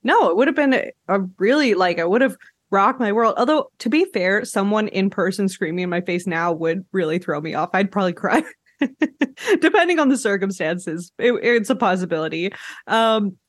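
A woman's voice: medium pitch, animated, moderate pace, no room sound. Woman podcast host from Canada, chatty, laughs a lot, dry close mic. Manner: chatty, laughs often, many "like" fillers. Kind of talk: casual chat.

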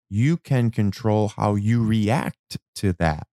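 A man giving a reflective motivational talk about anger and change, slow and emphatic, repeating words and now and then swearing. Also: fairly low pitch, warm tone, no room sound, clean studio sound. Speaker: self-help speaker.

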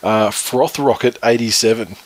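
A man's voice: lowish voice, normal speed, poor audio. An Australian man co-hosts a loose podcast chat and reads listener messages aloud. He swears freely, laughs often and lets his sentences trail off. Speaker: podcast co-host. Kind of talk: casual banter reading listener tweets.

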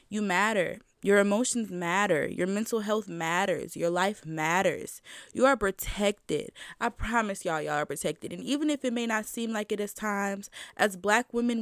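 A woman's voice: medium pitch, fairly bright tone, clear, resonant tone, no echo, studio quality. A woman vlogger giving a casual, emphatic motivational talk, addressing her listeners directly in slangy speech and repeating her points for stress.

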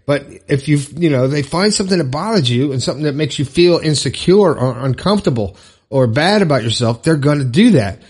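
A man's voice: on the high side, expressive, fairly quick, darkish tone, breathy edge. A man hosting his own motivational podcast alone, talking casually and upbeat with frequent fillers and asides. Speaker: podcast host. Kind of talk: solo motivational podcast monologue.

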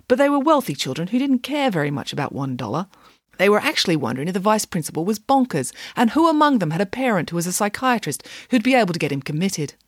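A woman narrating a children's story aloud in a measured, wry way. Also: lowish voice, no echo, studio quality. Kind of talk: audiobook narration.

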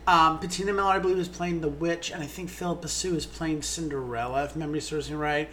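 Co-hosting a theater podcast, a man gushes about shows in casual chat, filling it with lots of ums. He talks fast in a fairly high, fairly bright voice with a steady tone, and there's slight background noise.

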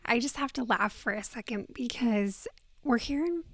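A woman hosting a podcast in a casual, soft-spoken talk, with a groggy morning voice that often drops to a breathy near-whisper, speaking into a handheld microphone. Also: a little high, animated, moderate pace, no room sound. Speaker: podcast host. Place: indoors on vacation.

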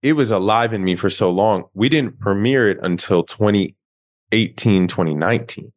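A man from Queens, a guest author, telling animated, self-mocking stories in a casual interview. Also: lowish voice, moderate pace, dry recording. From Queens, New York.

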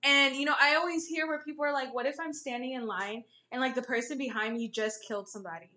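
Giggly, animated young woman co-host. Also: sits high, quick pace. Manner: animated, giggly listener reacting. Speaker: podcast co-host. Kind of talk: casual chat.

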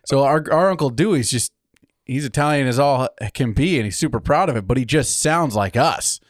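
A man's voice: mid-range voice, dry recording, studio quality. A man in casual podcast chat from California, telling stories with lots of laughter. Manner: animated storytelling, quick to laugh. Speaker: podcast co-host.

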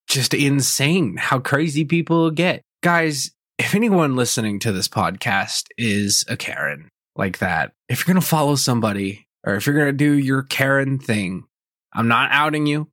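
A man's voice: medium pitch, moderate pace, no room sound, clean studio sound. Blunt, foul-mouthed young male podcaster. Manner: profane, animated, blunt. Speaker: podcast host. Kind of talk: casual storytelling rant.

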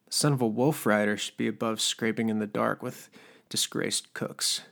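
A man narrating a fiction audiobook in a steady, measured storytelling manner. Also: fairly low pitch, gravelly.

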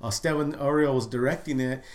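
A middle-aged man telling stories as an interview guest, with a voice of ordinary pitch for a man. He talks loosely and casually, peppering his talk with "dude" and "you know what I mean". He acts out the quoted lines, now loud, now hushed. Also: brisk. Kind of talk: casual storytelling chat.

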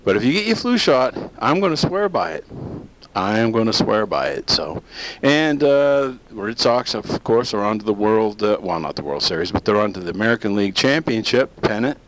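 Man, middle-aged, host, casual solo talk, low-ish voice, rambling, joking. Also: big pitch swings, moderate pace, fairly bright tone, a little hiss or hum, poor audio. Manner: rambling, jokey, breaks into silly voices.

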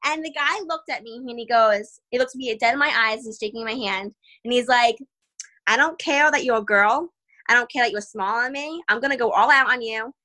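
A young woman, a fighter, telling stories in a casual interview, animated, laughing often and acting out what people said. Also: on the high side, fairly quick, poor audio. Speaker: guest fighter.

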